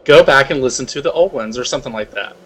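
A man's voice: medium pitch, fast, breathy edge. A man co-hosting a podcast, teasing the others and steering the casual chat. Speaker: podcast co-host.

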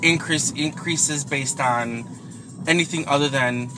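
A man's voice: on the high side, a little slow, music in the background, rough recording. A man co-hosting a podcast in casual chat, rambling with lots of fillers and laughing often, talking from inside a car. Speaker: podcast co-host. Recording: car road noise behind.

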